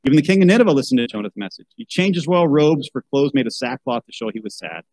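A man's voice: mid-range voice, animated, fast, darkish tone, no echo, poor audio. A man reading a children's Bible story aloud, breaking off for wry asides and a rant about how such books should be chosen. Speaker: podcast host.

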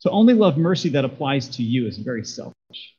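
A man's voice: mid-range voice, big pitch swings, fairly quick, mellow, dull audio, slight background noise. A man preaching a sermon as a pastor, talking conversationally and putting questions to his congregation.

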